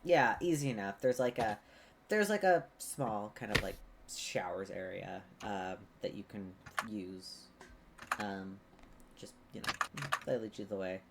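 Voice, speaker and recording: Gravelly-voiced game master narrating. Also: male voice, fairly low pitch, measured pace, noisy background. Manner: rambling, hesitant narration with many fillers.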